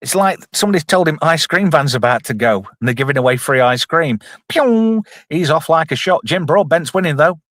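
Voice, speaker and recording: A man's voice: fairly high pitch, lively intonation, brisk, few pauses, a bit bright, no echo, clean studio sound. A man giving jokey, casual live commentary on a film and reading out chat messages. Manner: jokey, reads out chat, puts on silly voices. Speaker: streamer reviewing a film.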